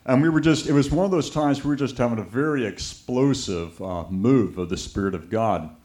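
With a medium-pitched voice and a brisk pace, this preacher tells a story in his sermon, enlivening it with anecdotes and imitating the people he quotes.

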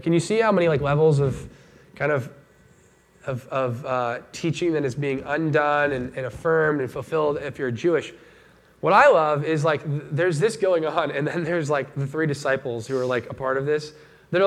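A man with a fairly high-pitched voice gives an easygoing sermon as a pastor. Animated and conversational, he mimics the voices of people he quotes.

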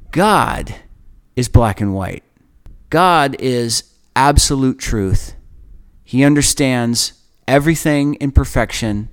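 A man hosting a podcast, giving a reflective, earnest Bible teaching in a conversational way with emphatic pauses. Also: mid-range voice. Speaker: podcast host leading Bible study.

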